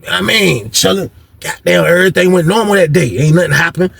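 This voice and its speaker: Gravelly young man telling a story. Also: sits high, fast talker, dry recording. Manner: animated, slangy, acts out quotes. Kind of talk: casual storytelling.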